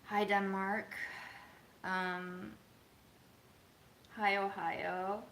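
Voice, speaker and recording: A woman with a bright, sharp-edged voice talks casually to her viewers from her home kitchen. She speaks in a soft, reflective way, pausing often with ums. The room gives a noticeable echo. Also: medium pitch, little pitch movement, a little hiss or hum. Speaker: vlogger. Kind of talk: casual livestream chat. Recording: roomy echo.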